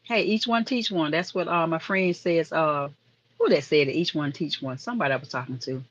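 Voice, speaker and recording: A woman's voice: low voice, expressive, a little fast, muffled recording. A woman hosting a casual live stream, chatting and rambling to viewers in the chat. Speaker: livestream host.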